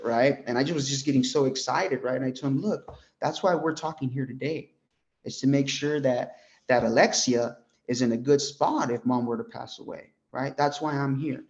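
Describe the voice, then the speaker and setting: A man's voice: medium pitch, normal speed. American man coaching sales on a dull call. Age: young adult. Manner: animated, peppers talk with "right?" and "bro". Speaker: insurance sales trainer. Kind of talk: sales coaching talk with role-played pitch. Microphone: group call.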